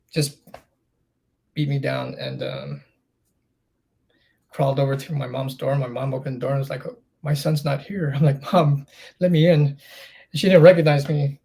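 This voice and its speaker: A man's voice: mid-range voice, vocal fry, dark tone, breathy edge. A middle-aged man as a podcast guest, telling his own story candidly and acting out the dialogue with rising intensity. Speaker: interview guest.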